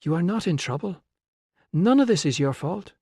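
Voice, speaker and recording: A male narrator voicing a calm, resolute young woman who coaxes a frightened boy, with a gentle, patient manner, in a dry close studio sound. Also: sits high, moderate pace, creaky, husky, no echo, voice pushed up, heavily acted. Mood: coaxing. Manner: gentle, coaxing. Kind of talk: audiobook character voice.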